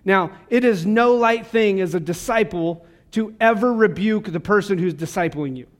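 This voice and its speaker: A man with a high-pitched voice preaches to his congregation. He is fervent and passionate yet conversational, dropping casual asides between points. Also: normal speed. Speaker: pastor. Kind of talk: sermon. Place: church service.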